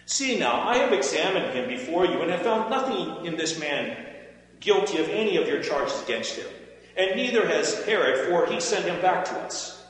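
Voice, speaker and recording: A man's voice: sits high, sing-song, normal speed, fairly bright tone, pitched above the performer's own voice, exaggerated voice. A man voicing a wavering Roman governor in a raised, pleading reading voice, in a church. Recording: echoey hall with faint hum.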